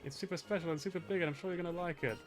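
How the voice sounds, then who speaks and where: A man's voice: high-pitched, racing, music in the background, natural voice. A man reading aloud the lines of a cheerful, upbeat young horse girl from a game, in a bubbly tone.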